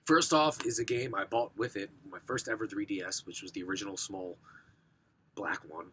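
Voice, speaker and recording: A young man with a hoarse, rough voice from recent sickness, casually showing off his game collection, rambling and clearing his throat. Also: lowish voice, moderate pace, bright, forceful tone, a little hiss or hum. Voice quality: rough, smoker-sounding voice. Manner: rambling, self-correcting, frequent throat clearing.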